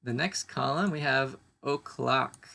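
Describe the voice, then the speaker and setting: A man teaching an English pronunciation lesson, saying each word slowly and carefully twice. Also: medium pitch, vocal fry, bright, forceful tone. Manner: slow, deliberate modeling of each word twice.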